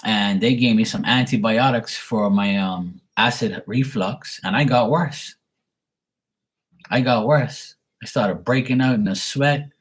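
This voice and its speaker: A man in his forties who does live tarot readings chats casually on a live stream, his fairly low voice slightly rough and his pace measured. He greets viewers and tells stories in a profane, ranting way.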